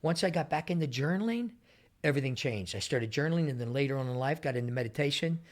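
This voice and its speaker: A man's voice: mid-range voice, fast. A middle-aged man answering interview questions casually, telling stories and acting out the people he quotes. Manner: animated storyteller, acts out quoted people. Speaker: interview guest.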